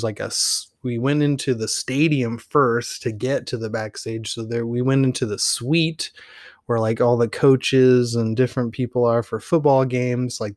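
A man tells a personal story in a casual podcast, rambling and animated, with plenty of fillers. His voice sits at an average pitch. The sound is dry and close on the mic. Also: dry recording. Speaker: podcast host.

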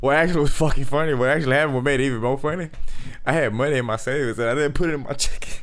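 A young man in a casual chat with friends, talking in a loud, heated and insistent way. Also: mid-range voice, racing, slight background noise.

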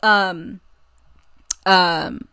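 A woman's voice: fairly low pitch, extremely slow, gravelly, bright, forceful tone, clear, resonant tone. A young American woman hosting a podcast, chatting in a rambling, enthusiastic way about a movie. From United States. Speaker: podcast host. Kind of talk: casual solo movie review chat.

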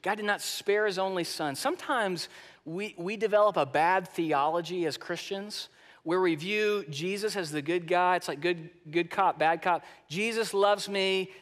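A male pastor delivers an emphatic sermon, swinging between loud proclamations and soft, hushed passages while frequently repeating words. His voice sits high and he speaks at a normal speed. The recording carries the long reverb of a large hall.

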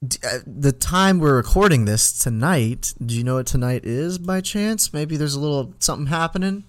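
A man's voice: on the high side, expressive, moderate pace. A young man in his twenties, co-hosting a podcast and telling a rambling story full of fillers in casual chat. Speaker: podcast co-host.

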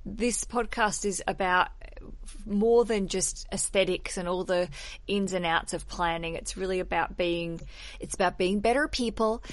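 A woman's voice: fairly low pitch, flat delivery, a little slow, dry recording. Lady hosting a podcast, chatty and blunt, super dry close sound. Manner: chatty, candid, swears casually. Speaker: podcast host. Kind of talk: casual podcast chat.

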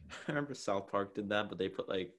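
A man's voice: fairly low pitch, brisk. A young man hosting a podcast in casual chat, telling stories and acting out quotes with lots of laughter. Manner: animated storyteller, acts out quotes with laughter. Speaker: podcast host.

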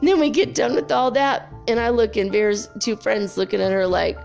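Gravelly-voiced chatty woman. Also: fairly high pitch, moderate pace, faint music behind. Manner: chatty, swears freely, animated storytelling. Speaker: spiritual vlogger. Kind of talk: casual chat.

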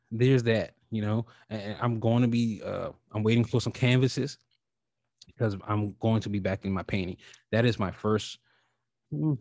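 A man hosting his own podcast in a casual, rambling way, talking with animated feeling and casual swearing. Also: fairly low pitch, dry recording. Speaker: podcast host. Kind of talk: casual solo podcast talk.

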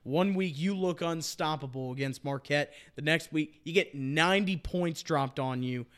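Casting note: young male sports podcast host, slightly high-pitched, fired-up and emphatic, hammers his points home. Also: moderate pace, a bit bright, clear, resonant tone. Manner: impassioned, emphatic, repeats points. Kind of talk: casual sports chat.

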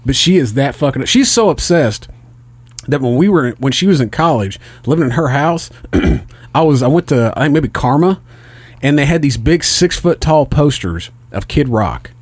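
A middle-aged man telling a story in casual chat, animated and profane. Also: mid-range voice, moderate pace, no echo.

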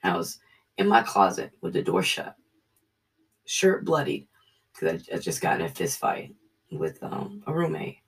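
Gravelly, lively Bible study leader. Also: low-pitched, distant mic. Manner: earnest, halting, drops to a hushed voice in the story. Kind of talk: Bible study teaching with personal testimony.

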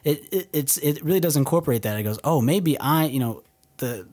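A man's voice: a little high, expressive, fairly quick, a little mellow. Young man from texas, podcast co-host, enthusiastic, quotes film lines, casual.

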